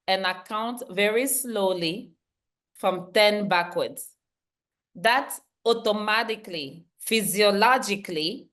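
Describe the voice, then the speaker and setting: A woman's voice: mid-range voice, fairly bright tone. A woman leading a leadership workshop, talking emphatically, repeating her key points and laughing easily. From Central Africa. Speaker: workshop trainer. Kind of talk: online leadership training talk.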